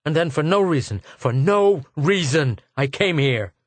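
Audiobook figure: a defiant tailor lost in time, bitter and raised up high and loud, as a male narrator puts him on. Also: a little slow, no room sound, lightly acted. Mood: furious.

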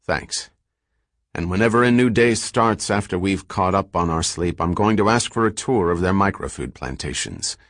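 A man's voice: sits low, moderate pace, a bit bright, dry recording, studio quality. A man playing an earnest, wry male scholar who gets insistent and exasperated, read in an audiobook. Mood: scheming.

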